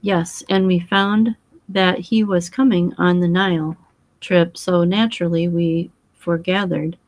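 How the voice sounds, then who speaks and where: A woman's voice: fairly low pitch, fairly even intonation, a little slow, no echo, lightly acted, low-quality recording. A woman reading as a boyish young husband. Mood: earnest.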